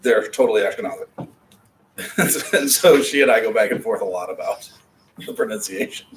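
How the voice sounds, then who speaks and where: Man, class teacher, patient and chatty, lowish voice, distant mic with faint hiss. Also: animated, moderate pace. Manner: patient, explanatory, chatty asides. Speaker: Hebrew teacher. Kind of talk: classroom lecture.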